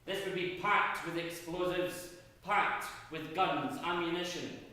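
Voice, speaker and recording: A Scottish man delivers a dramatic history lecture at a measured pace, swinging from loud, emphatic bursts to low, hushed asides. It was recorded in an echoey university auditorium, with his voice far from the mic.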